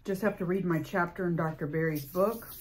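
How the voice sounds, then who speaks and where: A woman chatting casually on her vlog, relaxed and quick to laugh, first from her car and then at home. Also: lowish voice, breathy edge. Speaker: vlogger.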